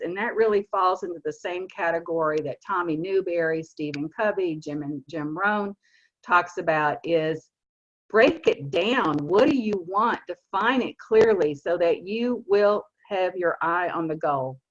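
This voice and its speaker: A woman in her sixties with a Southern accent, giving an earnest, emphatic motivational talk to her team on a video call. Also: fairly low pitch. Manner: earnest, emphatic, stresses key words slowly. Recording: muffled lo-fi video call audio.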